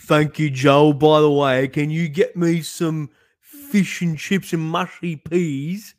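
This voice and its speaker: A man putting on a high, exaggerated British bloke's voice in mockery. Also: little pitch movement, a little slow, clean tone, no room sound, studio quality, close to an everyday voice. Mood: mocking.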